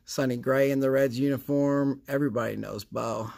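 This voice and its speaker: A man's voice: mid-range voice, fairly even intonation, normal speed, gravelly, darkish tone. Sarcastic rambling man opening cards. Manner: rambling, chatty. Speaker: card collecting channel host. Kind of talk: casual card-opening vlog.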